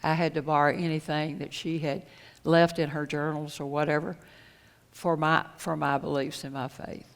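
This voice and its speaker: A middle-aged woman with a low voice tells a personal story at a conference, earnest and halting, stopping to retell what others said. Her voice rings through a large hall with a long reverb tail. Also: little pitch movement. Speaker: conference speaker.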